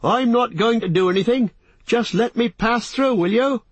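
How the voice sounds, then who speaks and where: A man voicing a young, impatient male hobbit who shouts out defiantly in a raised voice. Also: extremely high pitch, moderate pace, slightly rough, no room sound, voice pushed up. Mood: defiant shouting.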